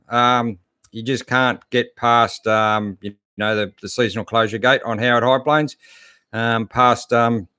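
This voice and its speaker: A middle-aged Australian man hosts a live chat night in a laid-back, easygoing way, full of ums and friendly greetings. His voice sits at an ordinary middle pitch. The recording is dry, with no room sound. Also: pushed and bright, no echo. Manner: laid-back, chatty, reads out viewers' comments with lots of fillers. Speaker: host.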